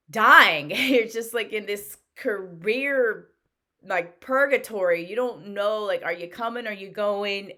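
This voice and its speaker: Bright-voiced woman sharing a personal story. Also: fairly low pitch. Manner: emotional, candid, restarts often. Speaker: vlogger recounting her bar exam.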